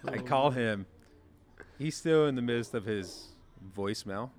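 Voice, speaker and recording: A young man who played quarterback, telling stories in a casual chat and acting out quoted lines with sudden jumps in pitch. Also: measured pace, crowd noise. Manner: animated storyteller, acts out quotes with big jumps in pitch. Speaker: former college quarterback guest.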